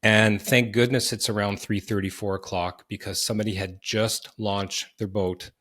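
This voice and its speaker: A middle-aged man hosting a podcast, earnestly telling a personal story in vivid detail with quick restarts. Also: fairly low pitch, flat delivery, fairly bright tone. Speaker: podcast host.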